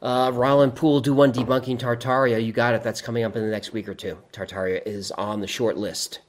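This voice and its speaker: A man reads viewer comments aloud on a loose, casual livestream, drifting into wry, rambling asides and often laughing at his own jokes. His medium-pitched voice is fairly even in intonation and a little fast.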